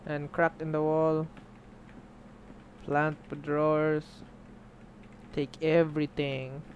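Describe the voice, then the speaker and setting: A man's voice: fairly high pitch, monotone, slow, highs cut off, a little hiss or hum. A young man streaming a game, chatting casually, swearing and reading the game's text aloud. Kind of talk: casual let's play commentary.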